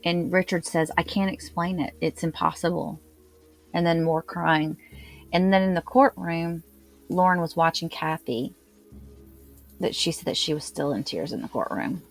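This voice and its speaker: Low-voiced woman recounting a transcript. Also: normal speed, creaky, faint music behind. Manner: reads quotes with raised pitch and emphasis. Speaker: true crime channel host. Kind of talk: recounting transcripts, reading quoted lines.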